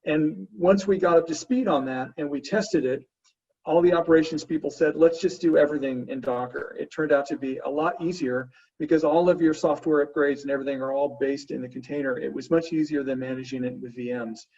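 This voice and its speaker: A man answering webinar questions as a panelist, halting, with frequent fillers and restarts. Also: on the high side, fairly even intonation, darkish tone. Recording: distant, muffled remote audio.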